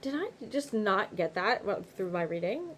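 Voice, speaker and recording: A woman co-hosting a casual podcast chat, animated and giggly, talking in quick bursts. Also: medium pitch, slight background noise. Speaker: podcast co-host.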